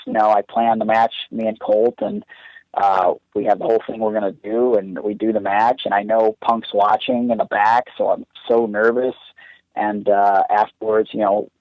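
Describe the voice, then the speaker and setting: A man's voice: on the low side, a little mellow, dry recording. A young man, a wrestler guest on a podcast, telling a long story casually with many restarts and fillers. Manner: rambling, lots of "like" and restarts. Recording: dull lo-fi podcast audio.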